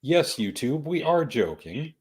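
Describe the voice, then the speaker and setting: A man's voice: mid-range voice, big pitch swings, unhurried, darkish tone, breathy edge. A male podcast host with a mid-range voice runs the show in casual chat. He jokes around and laughs often. He repeats words as he moves from topic to topic.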